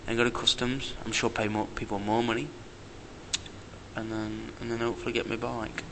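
A man's voice: mid-range voice, little pitch movement, brisk, bright, forceful tone. A man from England recording a video diary at arm's length, angrily ranting and muttering curses under his breath. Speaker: vlogger. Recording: noisy outdoor camera audio.

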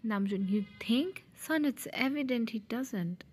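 A woman voicing a calm, gentle middle-aged mafia father in a fan audio drama, speaking in a reassuring way. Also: on the high side, measured pace, breathy edge.

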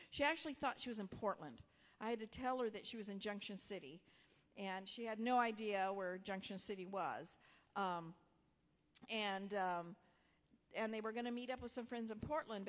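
A woman pastor, telling a personal story in a sermon in a conversational way, sometimes dropping to a soft whisper. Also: on the high side. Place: church sanctuary. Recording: long hall reverb.

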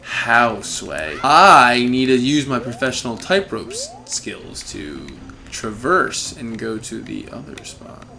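Young male let's-play host, very animated pitch, sarcastic and exasperated. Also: slow pace, vocal fry. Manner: sarcastic, exasperated running commentary. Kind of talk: gameplay commentary.

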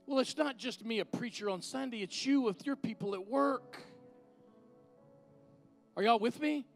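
High-voiced fervent preacher. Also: male voice, moderate pace, soft background music. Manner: fervent, conversational preaching with call-and-response. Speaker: guest minister. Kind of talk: sermon with altar call.

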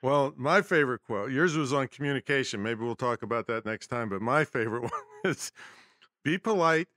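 A man's voice: medium pitch, a little fast, fairly bright tone, no room sound, clean studio sound. A man hosting a podcast, chatting casually and laughing easily with his guest. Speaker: podcast host. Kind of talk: casual interview chat.

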